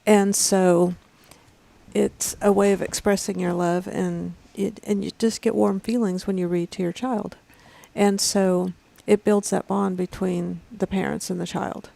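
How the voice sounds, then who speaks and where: A woman's voice: medium pitch, level tone, a little slow, vocal fry, dark tone. A woman co-hosting a morning talk show, earnestly explaining things in plain words. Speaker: co-host. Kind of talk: casual chat.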